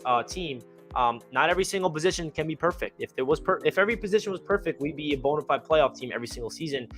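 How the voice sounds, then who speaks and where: A young man talking casually and with excitement about his football team, rambling and full of fillers, with hiccups. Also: on the high side. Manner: rambling, enthusiastic, many fillers. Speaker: fan channel host.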